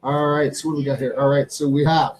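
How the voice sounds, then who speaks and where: A man's voice: fairly high pitch, little pitch movement, fast, noisy background. A Canadian man hosting a casual live stream from his home studio. He chats loosely, repeats his phrases, and calls out to his pets.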